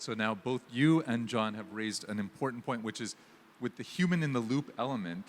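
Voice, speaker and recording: A man moderating a panel discussion, thinking aloud and restarting his sentences as he frames questions. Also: mid-range voice. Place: conference hall. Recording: long hall reverb.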